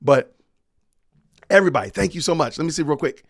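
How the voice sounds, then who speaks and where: A man's voice: a little high, expressive, fairly quick, creaky, dry recording, studio quality. A man hosting a podcast livestream, chatting casually and reading viewer comments aloud with frequent laughs. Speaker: podcast host.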